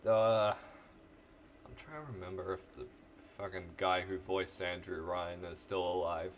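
A man's voice: sits low, unhurried, a little hiss or hum. A man hosting a let's play, chatting casually while gaming, rambling, joking and swearing.

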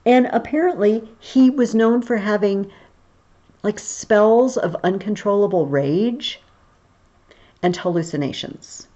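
A woman's voice: mid-range voice, slow, mellow, highs cut off. A woman history teacher talking through a recorded video lesson in a chatty, explaining way.

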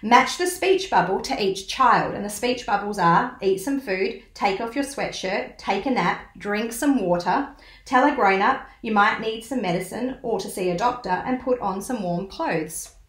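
A woman's voice: mid-range voice, normal speed, fairly bright tone. A woman educator reading a children's book aloud and explaining it, in a teacherly way that asks the listener questions. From Australia. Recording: roomy echo.

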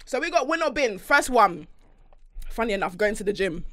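A woman's voice: medium pitch, sing-song, moderate pace, fairly bright tone. A woman hosting a podcast in casual chat, playful and laughing often, calling her guest darling. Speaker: podcast host.

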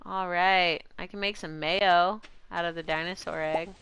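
A woman with a bright, forceful voice chats her way through a relaxed gameplay stream, answering her chat and cooing at baby animals. She speaks at an unhurried pace, with a faint noise under her voice. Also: lowish voice. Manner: chatty, gushing over baby animals, talks to chat and her pets. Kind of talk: casual gameplay commentary.

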